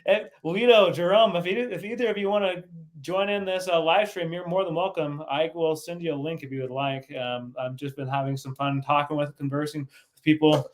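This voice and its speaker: Reading the chat on his casual livestream, a man laughs often, stumbles over words and cuts himself off mid-sentence. His voice is on the high side, fairly even in intonation and a little fast.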